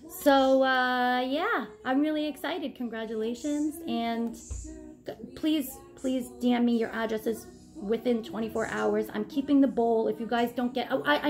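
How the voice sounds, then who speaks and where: Bubbly woman vlogger, higher voice. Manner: bubbly and excitable, chatty asides. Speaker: vlogger hosting a giveaway. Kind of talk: casual vlog chat.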